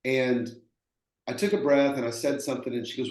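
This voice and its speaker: Texan man, mid-pitched, earnest plainspoken storyteller, roomy echo. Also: fairly even intonation, fairly quick, a little mellow. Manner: earnest, plainspoken, repeats himself and acts out quoted voices. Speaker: roofing contractor, guest. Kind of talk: conversational storytelling. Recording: echoey room.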